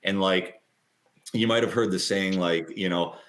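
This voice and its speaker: A man in his thirties talking as an interview guest, chatty and animated as he retells his story. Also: deep voice. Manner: quick, lively retelling with acted-out quotes.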